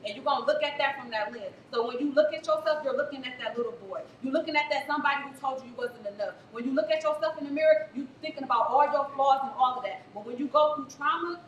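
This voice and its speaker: A woman's voice: sits high, quick pace, few pauses, highs cut off. A woman therapist, giving an emphatic, preachy motivational talk to a live audience. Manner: preachy, emphatic, faith-infused encouragement. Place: event venue before a crowd. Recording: echoey room from far off, faint noise.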